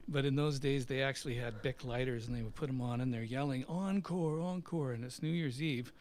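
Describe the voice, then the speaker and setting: A fast-talking middle-aged man with a medium-pitched voice, heard over slight background noise, is a company CEO and musician telling stories at a live Q&A. His anecdotes are animated and casual, punctuated by laughter and acted-out voices of the people he quotes.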